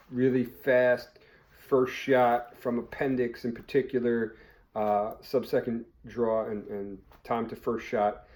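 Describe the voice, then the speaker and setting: A man's voice: mid-range voice, warm tone. A man who runs a firearms training channel, telling a story in a blunt, conversational way and swearing freely. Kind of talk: casual vlog storytelling.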